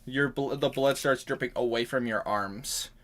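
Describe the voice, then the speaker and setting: A man runs a tabletop game as dungeon master over voice chat. He is congested and coughs, and he keeps stopping to correct himself mid-sentence. His voice sits at an ordinary pitch. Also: moderate pace, fairly bright tone.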